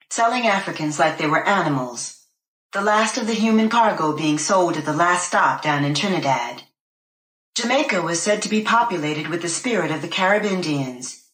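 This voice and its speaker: A woman reading a first-person novel aloud in a measured, deliberate way. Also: on the low side, a bit bright. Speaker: narrator. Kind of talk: scripted first-person audiobook narration. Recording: roomy echo.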